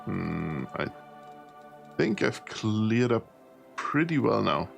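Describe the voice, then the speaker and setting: A man streams a role-playing game, thinking aloud as he sorts through items. His voice is gravelly and unhurried, with a tired edge and frequent laughs. Soft music plays faintly behind him. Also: on the low side, big pitch swings. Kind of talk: casual gameplay commentary.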